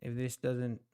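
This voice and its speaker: A man with a medium-pitched, creaky, mellow voice hosts a live trading stream from home. Out of breath, he chats casually with viewers, sighing and teasing them.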